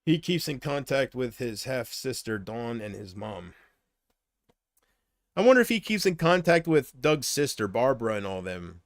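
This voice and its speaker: A man's voice: mid-range voice, very animated, moderate pace, no room sound, studio quality. A man chatting casually on a livestream, rambling from thought to thought and often trailing off.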